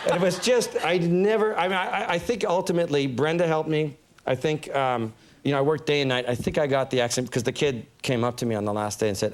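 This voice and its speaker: A man's voice: a little high, steady tone, quick pace. A man telling a long funny story as a talk show guest, laughing often and acting out the voices of other people. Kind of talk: animated anecdote telling.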